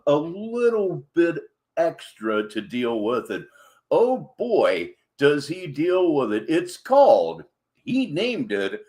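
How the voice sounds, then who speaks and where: A male livestream host talks in a slow, deliberate way. His voice sits a little high and rises and falls a lot. The delivery stays wry and sarcastic throughout. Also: darkish tone. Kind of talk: livestream commentary.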